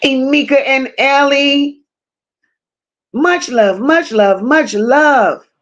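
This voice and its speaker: A woman's voice: sits high, very slow, a bit bright, highs cut off. A woman hosting a livestream, casually greeting viewers by name and reading their comments, affectionate slang and frequent swearing. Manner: reads chat names aloud, affectionate slang and swearing. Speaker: livestream host.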